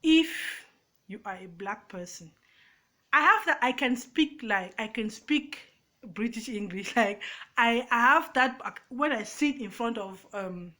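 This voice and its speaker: A woman's voice: on the high side, lively intonation, unhurried, pushed and bright. A woman with a Cameroonian accent, a YouTuber speaking emphatically and emotionally to her phone's front camera, with frequent restarts. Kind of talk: casual to-camera rant.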